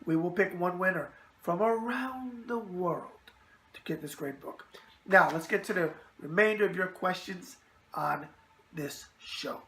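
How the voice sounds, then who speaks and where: A man with a New York accent and a high-sitting, fairly bright voice hosts a casual boxing mailbag web show at a measured pace, with slight background noise. He's brash and wisecracking, leaning heavily on catchphrases as he talks through the video mailbag.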